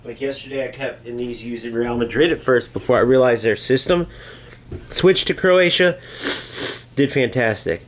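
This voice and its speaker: A man's voice: mid-range voice, brisk, few pauses. A man talking casually while streaming a football video game, chatty and laid-back, often checking in with "right?" and "bro". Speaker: gaming streamer. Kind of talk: casual live-stream commentary.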